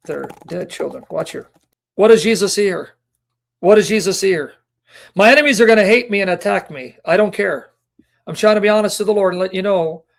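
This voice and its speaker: A man giving an emotional personal reflection, pleading through rhetorical questions, sounding near tears. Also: sits high. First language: Assyrian. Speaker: Christian apologist.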